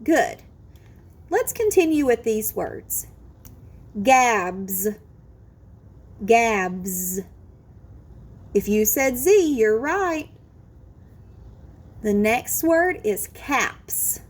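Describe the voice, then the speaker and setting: A woman teaching a phonics lesson to children, slowly modelling each word sound and encouraging the listener. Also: on the high side, sing-song, darkish tone, breathy edge.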